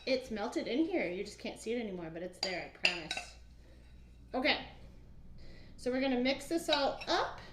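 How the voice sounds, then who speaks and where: Mom teaching her kid to cook at home; high, patient voice, roomy kitchen sound. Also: big pitch swings, moderate pace, pauses often. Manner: patient, coaxing, asks simple questions. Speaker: cooking class teacher with her child. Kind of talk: home cooking demo video. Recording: echoey room, faint noise.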